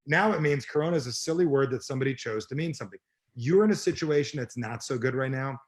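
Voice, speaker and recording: A middle-aged personal development coach talks fast in a mid-range voice during an energetic interview. He's blunt and emphatic, swearing freely.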